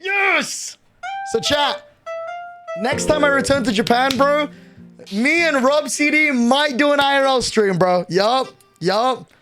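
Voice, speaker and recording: Young male streamer, high-pitched, excitable storyteller, casual swearing. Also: a little slow, over music. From Australia.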